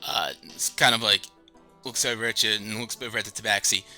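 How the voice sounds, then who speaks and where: Bright-voiced man narrating as game master. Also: lowish voice, fairly even intonation, fairly quick, faint music behind. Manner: casual, many fillers and restarts. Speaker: dungeon master.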